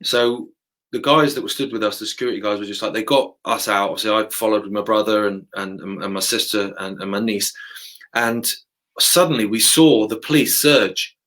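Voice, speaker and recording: A man chatting casually and telling an animated story, acting out the other people's voices. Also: fairly low pitch, moderate pace, rough recording. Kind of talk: casual chat.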